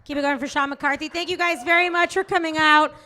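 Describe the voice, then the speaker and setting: Woman, comedy show host, high voice, bright and sharp, loud and upbeat, heard from a distance. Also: steady tone, fast. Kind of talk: closing announcements. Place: comedy club.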